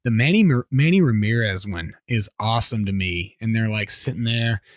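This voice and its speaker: A man's voice: on the low side, no room sound, studio quality. Chatty man retelling sports ads. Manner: animated retelling of ad scenes with quick voice impressions and laughs. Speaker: podcast co-host. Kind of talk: casual chat.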